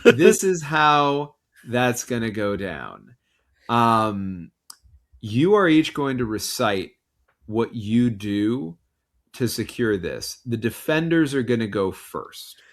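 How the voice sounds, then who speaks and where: A man's voice: mid-range voice, very animated, slow pace. A man running a tabletop game as game master, enthusiastic and dramatic in his narration.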